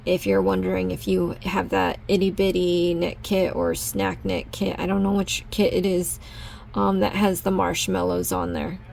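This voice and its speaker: A woman crafting vlogger talking through a casual unboxing haul, gushing and easily excited over each item. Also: lowish voice, moderate pace, creaky, slight background noise.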